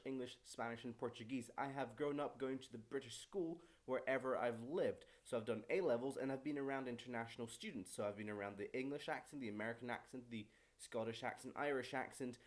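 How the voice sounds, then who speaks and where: A young man from Morocco, raised in Brazil and Paris, ranting casually on his vlog as a student pilot, chatty and quick with frequent self-corrections. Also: mid-range voice. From born in Morocco, raised in Brazil and Paris. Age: young adult.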